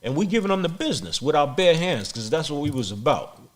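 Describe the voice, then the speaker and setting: A man's voice: on the high side, big pitch swings, fast talker. A middle-aged man telling a street story bluntly and profanely as a podcast guest, often repeating words as he speaks.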